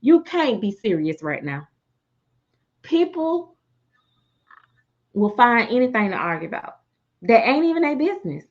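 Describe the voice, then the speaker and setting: A woman who makes and sells dolls, ranting on a livestream in a sassy, animated way and cussing freely. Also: a little high, measured pace, pauses often, lo-fi sound. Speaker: doll artist and seller. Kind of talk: livestream rant.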